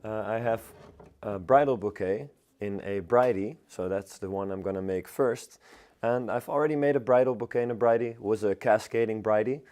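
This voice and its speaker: A hoarse man teaching floristry on a live stream, talking in a halting, chatty way with lots of filler sounds. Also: on the low side, darkish tone. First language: Dutch. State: hoarse, strained voice. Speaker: florist teacher hosting a livestream. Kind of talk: live demonstration, chatty and unscripted.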